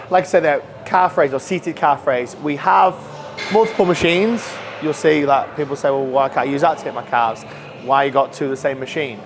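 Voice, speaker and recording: A man casually walking viewers through gym machines, chatty and self-deprecating. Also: on the high side. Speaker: gym staff giving a tour. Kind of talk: casual walkthrough explanation. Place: large indoor gym. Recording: noisy gym background.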